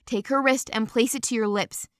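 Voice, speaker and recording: A woman reading an audiobook voices a protective young man in a low, steady murmur. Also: normal speed, dry recording, studio quality, close to an everyday voice.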